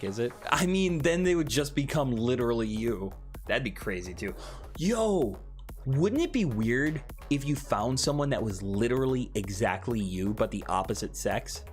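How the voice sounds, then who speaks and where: A young man hosts a casual live stream, chatting with viewers and answering their comments. He is animated, laughing and often jumping into high, excited squeals.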